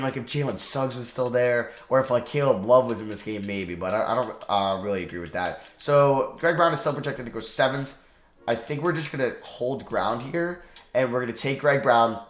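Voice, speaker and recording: A man with a New York accent giving casual, chatty gameplay commentary, thinking aloud and poking fun at himself. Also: medium pitch. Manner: chatty, excitable, self-deprecating, thinks aloud. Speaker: gaming YouTuber. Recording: roomy echo.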